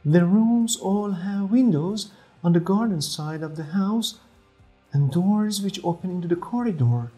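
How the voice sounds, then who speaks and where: A young woman reading a first-person story slowly and clearly for language learners. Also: lowish voice, animated, warm tone. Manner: slow, clear, careful reading. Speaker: narrator. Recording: faint music behind.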